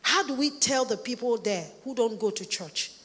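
A woman delivers a sermon with emphatic, repeated lines. Her voice sits fairly high, and it rings with a long reverb from a large church hall. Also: expressive, moderate pace, fairly bright tone. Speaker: preacher.

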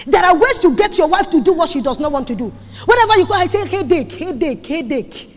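Lady preacher, high pitched, keeps repeating herself, shouts out points, big echoey church. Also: animated, fast talker. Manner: emphatic, repeats phrases, sudden shouts. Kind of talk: sermon on marriage. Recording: long hall reverb.

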